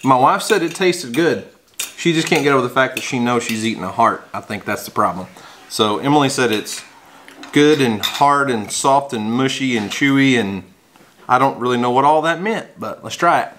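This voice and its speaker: A man's voice: mid-range voice, animated, moderate pace, a bit bright, slight background noise. Folksy Oklahoman man at the dinner table. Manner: easygoing, folksy, chuckles at his own jokes. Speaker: homesteading vlog host. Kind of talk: casual family vlog chat. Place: indoors at a home dinner table. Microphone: camera-mounted shotgun mic.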